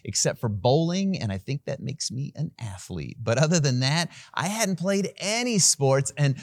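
Animated storytelling pastor, dry close sound. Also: male voice, fairly high pitch, normal speed, dry recording. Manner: animated, self-deprecating storytelling with laughs. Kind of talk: sermon with a personal story.

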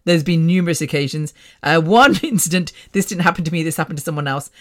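A woman's voice: low voice, quick pace. A woman from England, hosting a podcast and telling personal stories in a frank, chatty way, often laughing. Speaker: podcast host. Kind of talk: casual storytelling monologue. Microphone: podcast microphone.

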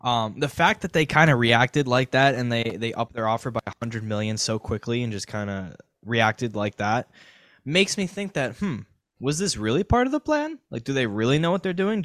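A man co-hosting a casual sports podcast, thinking out loud with a rambling, speculative way of talking. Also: mid-range voice, dry recording. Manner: rambling, speculative, many fillers and restarts. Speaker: podcast co-host.

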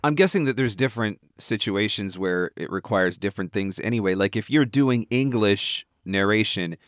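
A man's voice: on the low side, moderate pace, dry recording, clean studio sound. A man hosting a casual interview, thinking aloud and checking in with his guest as he asks questions. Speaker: interview host.

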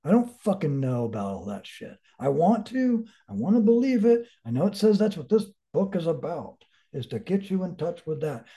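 A man's voice: fairly high pitch, very animated, moderate pace, few pauses, mellow. A man telling his story as an interview guest, blunt and rambling, full of swearing and searching reflection. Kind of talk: candid casual storytelling.

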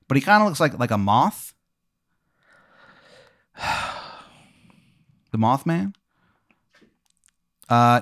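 A man improvising a comedic story on a podcast, rambling with lots of fillers in a deadpan way. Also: mid-range voice, smooth, no room sound, studio quality. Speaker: podcast co-host.

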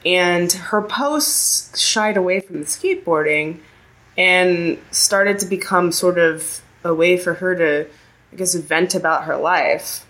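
A woman's voice: on the low side, slow. An American woman co-hosting a podcast in casual, chatty talk with lots of fillers. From United States. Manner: chatty, animated, many fillers and laughs. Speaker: podcast co-host. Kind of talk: casual chat.

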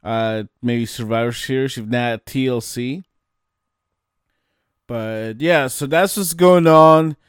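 Male host, measured and unhurried delivery, dry close sound. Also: medium pitch, clear, resonant tone, no room sound. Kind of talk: casual show hosting.

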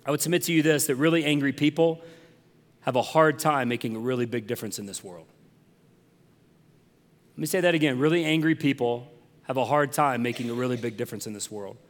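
A man's voice: mid-range voice, brisk, pauses often, long reverb tail. A man preaching a sermon as a pastor, conversational and earnest, building to passionate emphasis.

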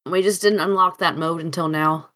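A woman playing in a tabletop game over a voice call, throwing quick teasing quips. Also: fairly low pitch, fairly even intonation, a bit bright. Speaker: player. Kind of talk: out-of-character banter in an online tabletop game.

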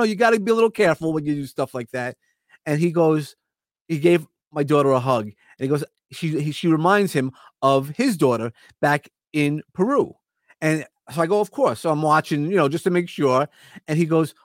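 A man's voice: on the high side, dry recording, clean studio sound. A middle-aged man with a New York accent, talking as a guest in an earnest, motivational, rambling way. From Long Island, New York. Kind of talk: casual chat.

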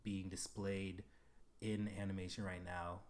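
A man's voice: low-pitched, level tone, a little slow, a little mellow. A man co-hosting a podcast, joking around and laughing easily in casual chat. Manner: laughs easily, playful banter. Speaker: podcast co-host.

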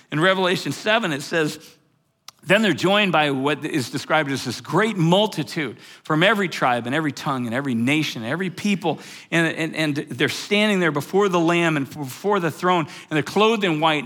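A man preaching a sermon as pastor, building from quiet musing to loud exclamations, repeating words and chuckling now and then. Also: on the high side. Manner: repeats words, restarts, chuckles mid-sentence.

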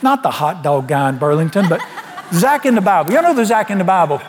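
A man's voice: high-pitched, very animated, a little fast, big-room sound, a little hiss or hum. A man preaching a sermon, telling his story in a folksy way and acting out the dialogue.

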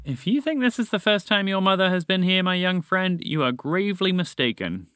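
A man's voice: sits high, expressive, a little fast, a bit bright, smooth, no room sound, studio quality, pitched above the performer's own voice. Man voicing a pompous talking dog. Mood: grand. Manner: grand and theatrical. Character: pompous male chocolate lab dog, grand then sheepish.

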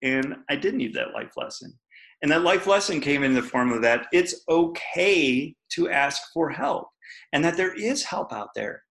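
A man's voice: fairly high pitch, animated, unhurried, creaky, fairly bright tone, low-quality recording. A man, a podcast guest, candidly telling a personal story in an interview, laughing often and acting out what people said. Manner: candid, laughs often, acts out quoted voices.

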